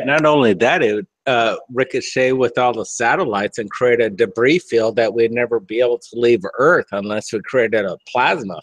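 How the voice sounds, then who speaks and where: A man with a mid-pitched voice speaks in a measured, hesitant way, pausing on fillers. His voice comes through dry, with no room echo. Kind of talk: casual chat.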